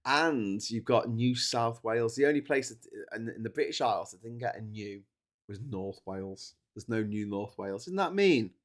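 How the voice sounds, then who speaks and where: A man's voice: mid-range voice, expressive, normal speed. Tired man rambling on a livestream. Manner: rambling, many restarts and fillers. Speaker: livestream host. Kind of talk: rambling solo livestream talk.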